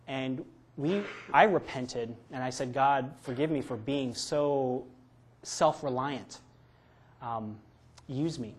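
A man delivers a sermon built around a personal story. His voice is husky and sits in a middle pitch, and he often stumbles and restarts words as he tells it. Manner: storytelling, animated, frequent restarts. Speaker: preacher.

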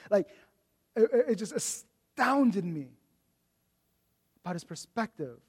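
Guy pastor telling a story in his sermon, chatty, lots of restarts, gets animated. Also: sits high. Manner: storytelling, full of restarts, animated when mocking his own complaints. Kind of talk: conversational sermon.

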